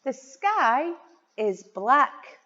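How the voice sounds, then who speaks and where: A woman teaching small children, her slightly high voice rising and falling in a sing-song way. She takes her time and spells words out letter by letter. The recording is dull and lo-fi, with a long reverb trailing behind her. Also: big pitch swings, extremely slow, bright, forceful tone. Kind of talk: children's vocabulary lesson.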